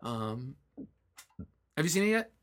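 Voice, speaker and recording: A man in his late twenties co-hosting a podcast, talking casually and animatedly, with frequent swearing. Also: fairly high pitch. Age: late 20s. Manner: animated, swearing, quick asides. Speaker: podcast co-host. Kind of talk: casual chat.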